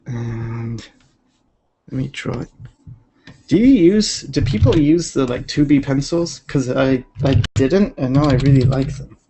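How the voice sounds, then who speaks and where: A man's voice: medium pitch, a little slow, mellow, a little hiss or hum. A man chatting casually while drawing on a livestream, laid-back and rambling with many fillers. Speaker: digital artist streaming.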